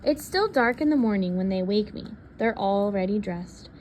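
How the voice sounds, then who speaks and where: Woman softly reading a picture book. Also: mid-range voice, expressive, normal speed, a little hiss or hum. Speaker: reader. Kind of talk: picture book read-aloud.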